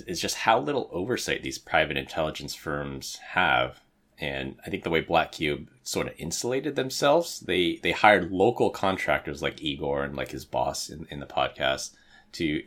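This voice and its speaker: A man with a very deep voice co-hosts a podcast. He lays out his points in a measured, analytical way while keeping the chat relaxed. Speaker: podcast co-host. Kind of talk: casual chat.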